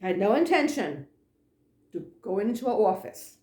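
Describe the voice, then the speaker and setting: Lady telling a spooky story, lively up and down voice, goes hushed sometimes, echoey room. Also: mid-range voice, moderate pace. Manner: animated, acts out dialogue, drops to hushed tones. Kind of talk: casual spoken ghost story.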